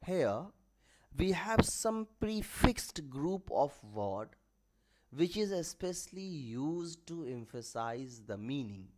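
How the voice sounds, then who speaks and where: A man teaching Arabic grammar in English in an online lecture, explaining slowly and repeating terms to drive them home. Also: a little high, very animated, a little mellow. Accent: South Asian English.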